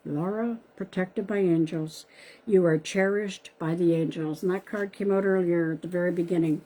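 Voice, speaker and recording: Woman psychic on a live stream, husky, mellow, chatty, calls viewers by name. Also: lowish voice, fairly even intonation, moderate pace, rough recording. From Canada. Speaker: psychic medium. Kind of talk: live-stream card reading. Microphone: live-stream device mic.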